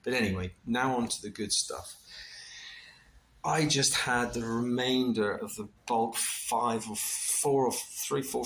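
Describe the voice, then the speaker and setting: A middle-aged man casually recounting a personal experience, animated and full of restarts, with laughter and the odd swear. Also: fairly low pitch, slight background noise. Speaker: vlogger recounting a ceremony experience.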